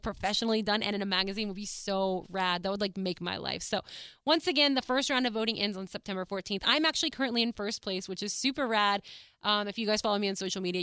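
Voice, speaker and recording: A woman's voice: medium pitch, a bit bright, clean tone, no echo. A woman hosting her own podcast, chatting casually and bubbly with lots of fillers and laughs, from a small studio. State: out of breath. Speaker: podcast host. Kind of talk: casual solo podcast chat.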